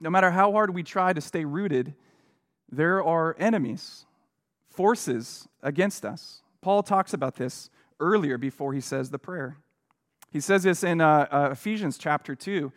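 A middle-aged pastor tells a personal story from the pulpit, speaking earnestly and conversationally with fillers and restarts. His fairly high voice moves at an unhurried pace.

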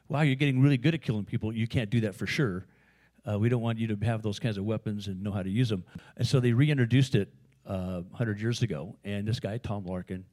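A man's voice: lowish voice, mellow. A man with an American accent preaching a sermon in a conversational, storytelling way, with frequent fillers and asides. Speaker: pastor.

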